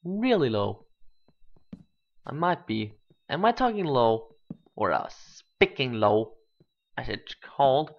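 Slow and creaky, with long pauses, a medium-pitched gaming channel host narrates a let's play. He thinks aloud and bursts into excited exclamations, all picked up by a dull lo-fi home mic.

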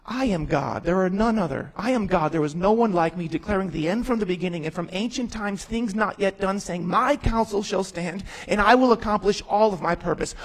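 The audio is rough, and the man's voice is high and husky, moving at a moderate clip with barely any pauses. A pastor in his thirties, he preaches a storytelling testimony, quoting himself and other people in character and building emphatically toward near-shouts.

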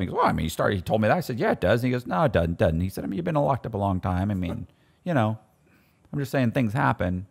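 A man's voice: mid-range voice, fast talker, creaky. A man casually telling prison stories, acting out the voices of the people in them. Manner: animated, acts out quoted voices. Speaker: storyteller guest. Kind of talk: casual storytelling.

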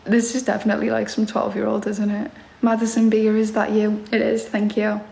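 A woman's voice: medium pitch, monotone, fairly quick, gravelly, warm tone. A young woman streaming live, reading out chat comments and answering them with teasing, sarcastic remarks and frequent laughter.

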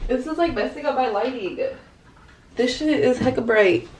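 A woman's voice: sits high, normal speed, darkish tone, slight background noise. A young woman, chatting to camera in her bedroom in a casual get-ready-with-me vlog, rambling anxiously, full of slang and constant "like"s. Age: young adult. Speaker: vlogger. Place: bedroom at home.

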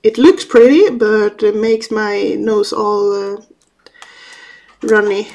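Slow-talking woman, sniffly. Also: medium pitch, darkish tone, slight background noise. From Sweden. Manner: chatty, apologetic, easily sidetracked. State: sniffly, runny nose. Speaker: vlogger. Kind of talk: casual chat while crafting. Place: at home, indoors.

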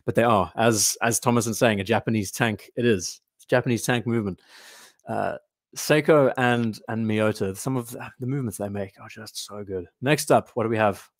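A man's voice: on the low side, normal speed, no room sound. Chatty male host, dry close sound. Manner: chatty, thinks aloud, reads chat comments. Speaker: watch channel host. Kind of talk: casual livestream commentary.

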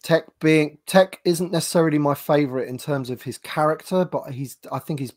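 A man's voice: fairly high pitch, fairly quick, darkish tone. A man hosting a casual livestream panel, talking with lots of ums and restarts over a video call. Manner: hesitant, many ums and restarts. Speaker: livestream host.

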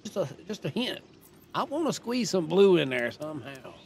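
Gravelly, animated man streaming a game. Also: sits high, normal speed, a little hiss or hum. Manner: thinks aloud, chatty and indecisive. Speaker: gaming streamer. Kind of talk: casual gameplay commentary.

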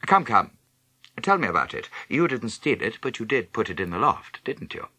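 A stern, quietly menacing headmaster, as a male reader puts him on speaks in a low, husky voice that swings widely in pitch. His words come measured and cutting. The delivery is dry and close for a storybook reading. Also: very animated, dry recording, exaggerated voice. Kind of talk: audiobook character reading.

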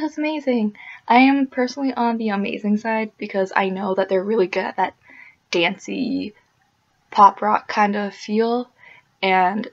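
A woman hosting a casual music video reaction vlog, gushing and excitable as she talks as a fan. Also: medium pitch, highs cut off.

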